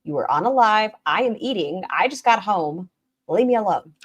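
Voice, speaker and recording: A woman hosts a stream, reacting to a video with snarky, mocking commentary in a casual way. Her medium-pitched voice has lively intonation and a breathy edge, moving at normal speed.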